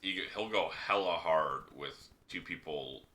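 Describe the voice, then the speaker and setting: A man's voice: extremely low pitch, measured pace, pushed and bright. A male streamer giving casual, offhand gameplay commentary and swearing freely. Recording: noisy home stream recording.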